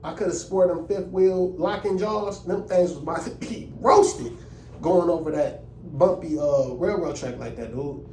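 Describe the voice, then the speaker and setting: A young man telling a story in a casual, animated, indignant way and using lots of slang. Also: on the high side, a little slow, reverberant, distant mic, a little hiss or hum. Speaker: vlogger.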